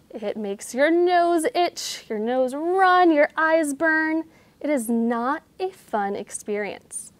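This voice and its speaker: A woman nature educator reading a picture book aloud and teaching children about animals, speaking gently. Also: fairly high pitch, no echo.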